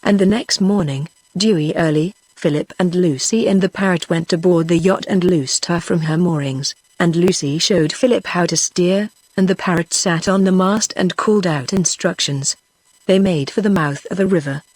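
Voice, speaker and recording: British woman, synthetic audiobook narrator, even storybook reading, dry and close. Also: lowish voice, normal speed, no echo. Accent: British English. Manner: even machine-read narration. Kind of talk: text-to-speech storybook reading.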